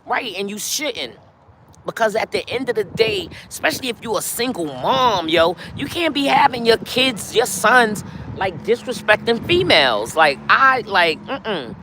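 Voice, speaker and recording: There's a noisy background as this middle-aged New York woman streams live outdoors on a city street, casually chatting to her viewers with frequent "y'all." She speaks at medium pitch with big pitch swings and an unhurried pace.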